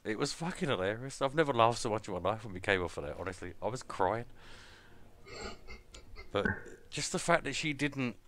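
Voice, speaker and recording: A man's voice: on the low side, animated, brisk, background noise. A man hosting a casual chat, swearing freely and laughing a lot. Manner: swearing, laughing, bursts into mock accents. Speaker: podcast host. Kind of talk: casual chat with jokey put-on voices.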